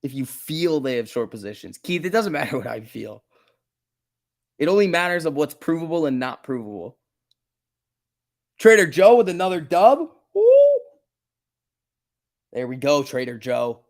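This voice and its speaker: A man's voice: fairly high pitch, very animated, moderate pace, pauses often. A man hosting a casual stock market livestream, chatting and laughing often as he reads chat and tells stories. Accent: New Jersey.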